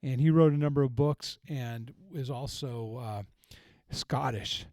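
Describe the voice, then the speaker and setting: Mellow-voiced pastor, earnest and reflective. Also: male voice, mid-range voice, unhurried, no echo. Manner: earnest, reflective, with frequent restarts and retold quotes. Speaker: pastor, podcast host. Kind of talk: conversational teaching on faith.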